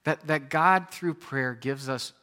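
A man in his thirties preaching a sermon in a conversational, animated storytelling way, often repeating his words. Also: medium pitch, slow.

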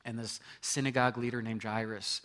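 A man's voice: lowish voice, little pitch movement, brisk, a bit bright. A man preaching a sermon, earnest and building to emphatic points, with frequent restarts. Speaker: pastor.

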